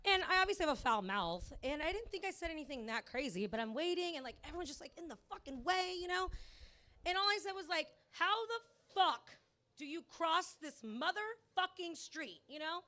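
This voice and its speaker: A woman's voice: sits high, animated, fast talker, sharp tone. A woman in her thirties doing a rambling, profane stand-up set at a comedy club, full of fillers.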